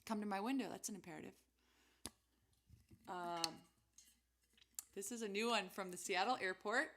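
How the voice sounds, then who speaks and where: A woman's voice: mid-range voice, moderate pace, fairly bright tone, slight background noise. A young woman hosting a weekly music stream, chatting casually and giggling as she thinks aloud between songs.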